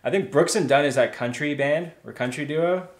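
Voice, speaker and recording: A man's voice: a little high, reverberant. A man from South Africa, co-hosting a reselling vlog in an upbeat, chatty way. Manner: upbeat, chatty, quick to laugh. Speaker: reseller vlogger, co-host. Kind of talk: casual chat.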